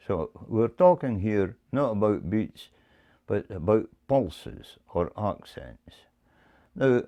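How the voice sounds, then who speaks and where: A man teaching bagpipe music, explaining in a measured way and often repeating words as he goes. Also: on the low side, mellow. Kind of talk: explaining to camera.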